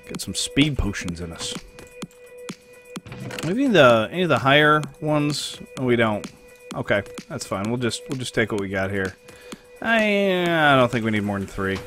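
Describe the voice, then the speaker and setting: Deadpan, crude young male streamer. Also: mid-range voice, normal speed, soft background music. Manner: deadpan, profane, chatty asides to viewers. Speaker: livestream host. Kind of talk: crude comedic storytelling while gaming.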